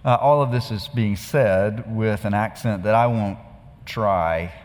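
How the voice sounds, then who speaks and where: A pastor giving a sermon in a conversational, storytelling way, with rhetorical questions to the congregation. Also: male voice, on the low side, measured pace, in a large hall.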